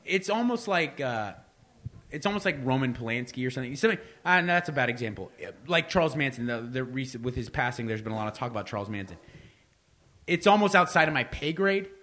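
A man guesting on a live podcast, telling stories in a loose, profane and animated way. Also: mid-range voice, quick pace. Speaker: guest, former radio cohost. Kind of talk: casual live podcast chat. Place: live venue before an audience.

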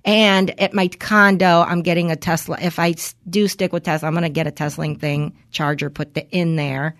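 A woman co-hosting a podcast, telling a story in casual chat, acting out the quoted exchanges with lively shifts and swearing freely. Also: fairly low pitch, normal speed. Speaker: podcast co-host.

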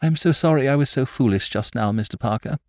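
A man voicing a distraught young aristocratic woman in an audiobook, pleading in high, near-hysterical cries. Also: expressive, moderate pace, darkish tone, dry recording, studio quality, natural voice. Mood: composed. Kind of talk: audiobook character voice.

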